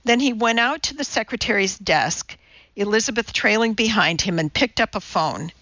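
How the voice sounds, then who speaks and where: A woman narrating an audiobook in a measured, even storytelling manner. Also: mid-range voice, no room sound, dull audio. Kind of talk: scripted narration.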